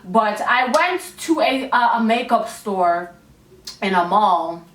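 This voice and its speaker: A young woman telling a storytime to her viewers in a casual, animated way, acting out the people in it. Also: takes it slowly. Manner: animated, acts out voices with big pitch jumps. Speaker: beauty vlogger. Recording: echoey room, a bit far from mic.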